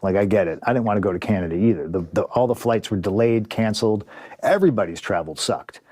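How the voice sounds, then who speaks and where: A pro wrestler guesting on a casual podcast tells a story in a profane, vivid way, acting out what other people said. His voice is on the low side and darkish, with lively intonation and a fast pace. The studio-quality recording has no room sound.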